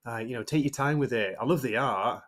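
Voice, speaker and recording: A man's voice: medium pitch, fairly quick, fairly bright tone. A man co-hosting a casual comic review podcast, talking in an easygoing, agreeable way. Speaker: podcast co-host.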